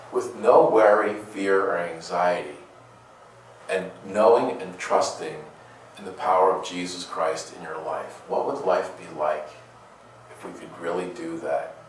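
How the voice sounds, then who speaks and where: A man preaching an unhurried, chatty homily, leaning on rhetorical questions and playful asides. His voice sits a little low. He is picked up from a distance in a large, heavily reverberant church. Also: slight background noise. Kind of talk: conversational sermon. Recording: very echoey room, distant mic.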